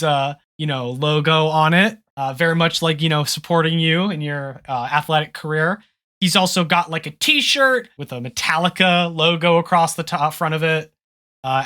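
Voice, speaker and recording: A game master narrating an improvised tabletop role-play in a relaxed, rambling way. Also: mid-range voice. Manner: relaxed, rambling, laughs often.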